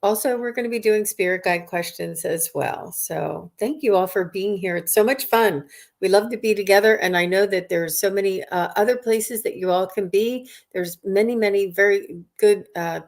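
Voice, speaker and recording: A woman hosting a live psychic question stream over a video call, chatty and warmly greeting viewers by name. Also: mid-range voice, steady tone, moderate pace, creaky. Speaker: psychic medium host.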